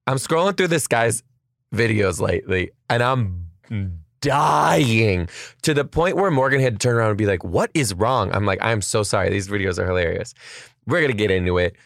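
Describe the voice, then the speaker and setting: A man hosts a comedy podcast with loud, joking patter and plenty of swearing. His voice is low, and the recording is dry and close. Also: normal speed, creaky, no echo. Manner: energetic, profane, jokey. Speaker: podcast host. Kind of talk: casual chat.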